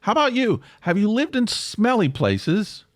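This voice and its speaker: Middle-aged dude rambling on his podcast, swoopy lively voice, dry close mic. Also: measured pace, no echo. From American South. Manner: rambling, self-deprecating, jumps in pitch for emphasis. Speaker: podcast host. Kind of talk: casual solo podcast chat.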